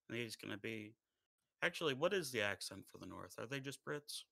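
A man's voice: lowish voice, animated, moderate pace, gravelly, pushed and bright, no room sound, poor audio. A man playing a tabletop game, joking and boastful in casual play. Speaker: player.

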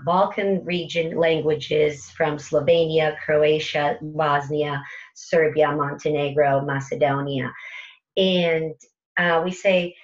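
Woman telling a dramatic story, muffled sound. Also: low voice. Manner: dramatic, vivid storytelling with repeated phrases. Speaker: internet radio station host giving a talk. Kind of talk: storytelling talk to an audience.

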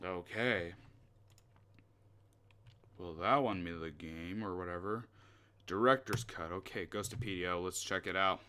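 A young man talks his way through a horror game at an unhurried, drawn-out pace, mostly muttering to himself. His voice has a bright, sharp edge, and he swears and yelps when something startles him. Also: sits low, clear, resonant tone. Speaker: gameplay commentator. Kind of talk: horror game let's play commentary.

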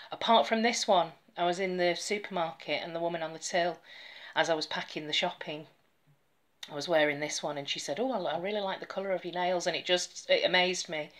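A woman talks casually to her camera. Her voice sits a little low for a woman. She rambles in a friendly, chatty way and slips into quiet whispered asides. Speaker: nail polish vlogger.

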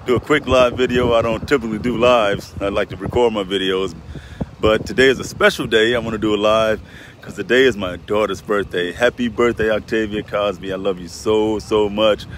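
A man's voice: on the low side, steady tone, a little fast, a bit bright. Rambling heartfelt middle-aged man outdoors. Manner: rambling, heartfelt, repeats himself. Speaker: vlogger. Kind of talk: casual live vlog talk. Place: outdoors by a lake near a road. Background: faint road traffic.

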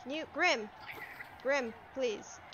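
A woman giving live commentary over her gameplay, excitable, yelping and talking back to the enemies on screen. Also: high-pitched, takes it slowly, highs cut off, background noise. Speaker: let's play streamer.

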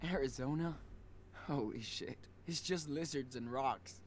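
A bitter young man in a video game confronts his mother in curt, cutting lines, as an actor plays him. His pitch sits mid-range for a man. Faint noise hangs behind the game audio. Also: measured pace, lightly acted.

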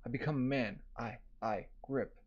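A man's voice: medium pitch, moderate pace. A man casually reading a comic aloud, voicing sound effects and filling with "like". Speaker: manga reader. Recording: dull lo-fi recording.

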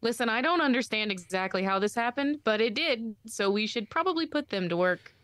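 Calm, matter-of-fact woman player. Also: a little high, fairly quick, dry recording. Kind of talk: tabletop role-play chat.

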